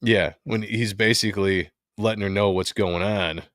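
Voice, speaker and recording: A man's voice: on the low side, steady tone, moderate pace, fairly bright tone, no echo, studio quality. A man hosting a casual comic book podcast, laid-back and joking, laughing often. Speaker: podcast host. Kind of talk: casual chat about comics.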